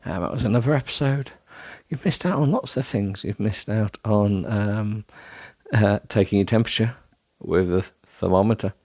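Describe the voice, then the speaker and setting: Man, solo podcast host, gravelly low voice, self-deprecating ramble, dry close mic. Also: normal speed, mellow, no echo. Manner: self-deprecating, rambling with many ums and restarts. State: tired, yawning. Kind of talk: rambling casual monologue.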